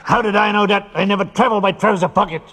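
A man voicing a small, chatty, silly male mouse in a storybook, speaking slowly and playfully. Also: high-pitched, steady tone, bright, forceful tone, husky, long reverb tail, full character voice. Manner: slow, playful, drawn out. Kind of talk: storybook reading.

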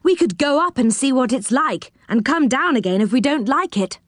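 A woman's voice: high-pitched, expressive, moderate pace, no echo, studio quality, pitched above the performer's own voice. A woman voicing a sensible male magical tree dweller. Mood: matter-of-fact.

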